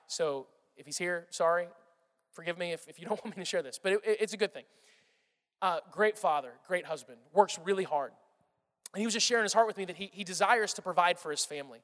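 High-voiced pastor in a reverberant hall. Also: male voice. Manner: animated storytelling, acts out his kids' voices. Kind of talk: sermon with personal stories.

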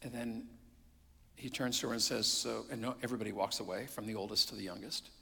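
Gravelly man preaching in a reverberant hall. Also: fairly low pitch, quick pace. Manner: dynamic preaching, swinging from loud to hushed. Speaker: pastor. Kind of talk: sermon. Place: church sanctuary.

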